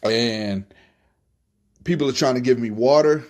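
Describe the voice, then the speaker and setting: A young man from Florida telling a story in a relaxed, casual monologue, cursing freely and often repeating his words. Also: medium pitch, measured pace. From Tampa, Florida. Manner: laid-back, profane, repeats himself. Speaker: podcast host telling stories.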